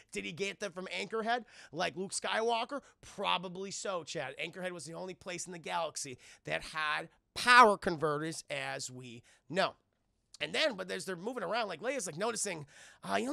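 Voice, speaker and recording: Gravelly, animated streamer man. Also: sits high, moderate pace, no room sound, studio quality. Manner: animated, profane, addresses chat. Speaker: streamer and film reviewer. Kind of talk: casual live-stream chat.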